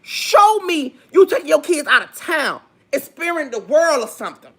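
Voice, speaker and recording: A woman's voice: high-pitched, very animated, moderate pace, a bit bright. A woman hosting a gossip livestream, lecturing in a preachy, emphatic way and repeating her points. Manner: preachy, repetitive, emphatic, asks for amens. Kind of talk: livestream commentary.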